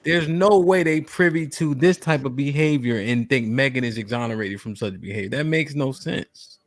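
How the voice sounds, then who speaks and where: A man's voice: medium pitch, normal speed, no room sound. A man hosting a casual live stream, joking and reading viewers' donation messages aloud. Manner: loose and joking, reads chat messages aloud. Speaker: podcast host.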